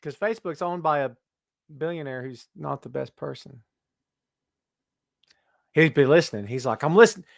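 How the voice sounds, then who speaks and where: A man's voice: medium pitch, normal speed, gravelly, long pauses, no echo, clean studio sound. A man hosting a live wrestling talk stream, chatting casually and teasing while he greets viewers by name.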